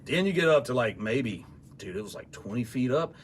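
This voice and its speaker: A man's voice: mid-range voice, big pitch swings, brisk, a little hiss or hum. A man hosting a casual chat, full of slang like "dude" and "man". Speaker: podcast host.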